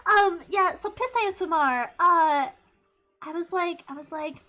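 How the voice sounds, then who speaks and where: A woman streaming live as a VTuber, chatting casually with her chat, giggly and excitable, swearing freely and squealing as she thanks viewers. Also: very high voice, unhurried. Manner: talks to chat, thanks subscribers.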